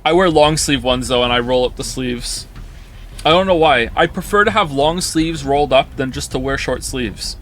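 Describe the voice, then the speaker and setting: A man's voice: mid-range voice, normal speed, fairly bright tone. A man streaming live, chatting casually and reacting to viewer comments in a rambling way with frequent restarts.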